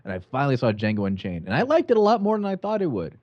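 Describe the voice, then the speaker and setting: An easygoing man chatting on a podcast in a relaxed, self-deprecating way. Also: medium pitch, very fast, no echo. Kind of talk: casual podcast chat. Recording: dry, muffled lo-fi audio.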